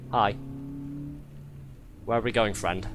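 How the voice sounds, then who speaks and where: A man's voice: lowish voice, noisy background. A man giving live gameplay commentary as a streamer, wry and sarcastic, laughing often at his own game.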